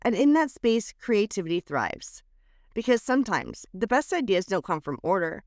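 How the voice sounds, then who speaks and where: Reading a reflective letter from a script, this woman podcast host sounds calming and expressive, her phrases rising and then falling to a hush. She has a medium-pitched voice at normal speed, captured in studio quality with no echo.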